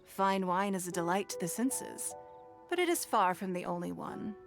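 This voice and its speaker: An actress voicing a composed, gracious woman leader in a video game, speaking in a formal, measured, courteous way. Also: fairly low pitch, expressive, over music. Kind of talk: game voice acting.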